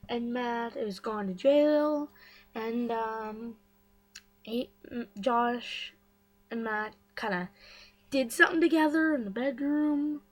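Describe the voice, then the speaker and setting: A woman vlogger retells a story in a slightly high voice. She is chatty and gossipy, and her talk is full of fillers and quick side comments. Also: low-quality recording. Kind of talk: casual story recap.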